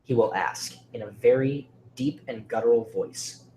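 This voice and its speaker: A man narrating a creepy horror story with dramatic delivery, often sinking to a hushed near-whisper. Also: mid-range voice, normal speed, slight background noise.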